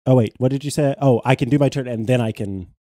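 A man's voice: medium pitch, fast talker, mellow, no room sound, studio quality. A man playing a tabletop game, joking and playful as he takes his turn. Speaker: player.

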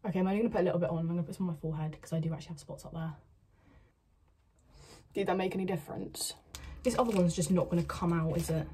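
A woman's voice: on the low side, a little mellow, slightly rough. A woman chatting casually to camera as a vlogger, rambling to herself while getting ready at home. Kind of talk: casual vlog chat. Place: at home, indoors.

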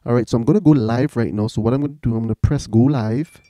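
A man's voice: mid-range voice, quick pace, mellow, dry recording, clean studio sound. A man casually walking viewers through a tech setup step by step, often checking in with "all right". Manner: chatty, keeps saying "all right". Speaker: tech reviewer. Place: home music setup.

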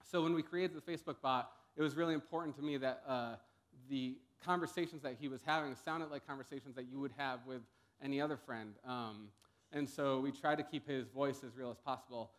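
A man's voice: medium pitch, steady tone, a little fast. A young man giving a casual conference talk on stage, full of ums and uhs. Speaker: conference speaker.

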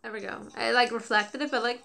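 A woman's voice: a little high, steady tone, brisk, gravelly, pushed and bright. A woman YouTuber chatting casually about her old videos, rambling with lots of "like" and giggles. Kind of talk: casual reaction commentary.

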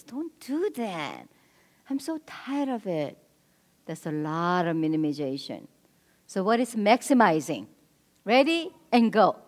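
A woman's voice: fairly low pitch, a little mellow. A woman giving a marriage seminar talk in church, instructive, often checking in with the audience with "right?". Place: church hall. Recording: echoey hall.

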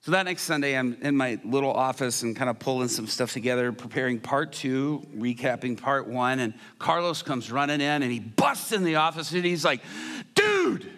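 Animated man preaching in a reverberant church. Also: mid-range voice, brisk, few pauses. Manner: animated, acts out the people in his story. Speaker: pastor. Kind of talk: sermon storytelling. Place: large church hall.

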